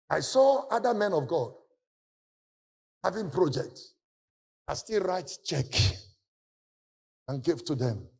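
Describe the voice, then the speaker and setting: A male pastor with a high, animated voice preaches a testimony to his congregation. He swings from quiet, close confiding lines to loud, shouted declarations. His pitch leaps widely as he drives each point home. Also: vocal fry, husky. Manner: preaching with call and response from the congregation; swings between hushed talk and loud shouting. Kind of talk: sermon testimony.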